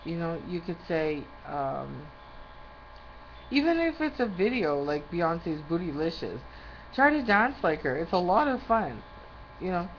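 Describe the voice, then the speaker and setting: A woman's voice: on the low side, very animated, a little slow. A woman in a rambling monologue. She loses her train of thought and rants indignantly. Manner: indignant, ranting. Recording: slightly muffled with faint background noise.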